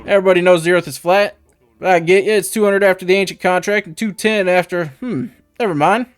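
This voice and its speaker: A man voicing a male village head in a game, with a slow country drawl and a chatty, evasive manner. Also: high voice, steady tone, clear, resonant tone, no room sound, soft background music, pitched above the performer's own voice, close to an everyday voice. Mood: folksy.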